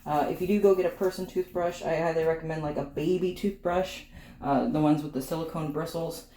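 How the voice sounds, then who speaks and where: Woman chatting and teasing her dog while she grooms it, mellow low voice, kinda sweaty. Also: fairly even intonation, brisk. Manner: chatty, teasing, talks to the dog and viewers in turn. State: sweaty from the effort. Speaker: vlogger grooming her dogs. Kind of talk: casual chat while working. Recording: echoey room with faint clipper hum.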